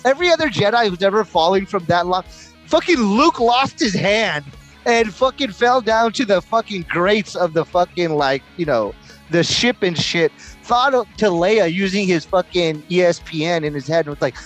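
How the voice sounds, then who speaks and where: A man's voice: high voice, lively intonation, normal speed, soft background music. Ranting, foul-mouthed man co-hosting a podcast. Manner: loud, ranting, profane, full of mocking put-on quotes. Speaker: podcast co-host. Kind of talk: casual profane chat.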